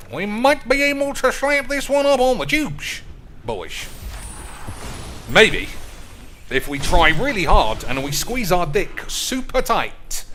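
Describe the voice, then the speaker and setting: A man streaming a card game, with rowdy, crude banter that keeps calling out to the boys and jumps into loud, high outbursts. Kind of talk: casual gaming commentary.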